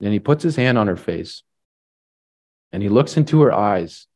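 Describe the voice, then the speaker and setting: A man's voice: lowish voice, expressive, moderate pace, darkish tone. A man preaching a sermon, retelling a story in a casual way with lots of "like" and "right?". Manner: casual, filler-heavy retelling with frequent "like" and "right?".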